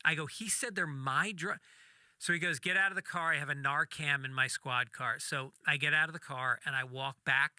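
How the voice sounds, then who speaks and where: A man, a comedian, telling a story in casual talk, animated and acting out the voices of the people in it, with some swearing. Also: a little high, a little fast, hardly any pauses, smooth, no room sound, studio quality. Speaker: podcast guest, comedian.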